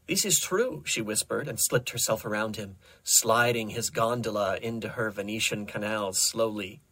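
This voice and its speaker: A young man reading comedic fan fiction aloud in a dry, deadpan narrating voice. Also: medium pitch. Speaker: host reading stories aloud.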